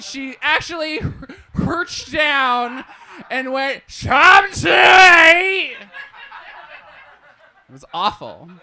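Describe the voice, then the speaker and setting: Bright-voiced woman doing live stand-up. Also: medium pitch, clear, resonant tone. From Portland, US. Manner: animated, profane, laughs at own jokes. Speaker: stand-up comedian. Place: live comedy cafe stage.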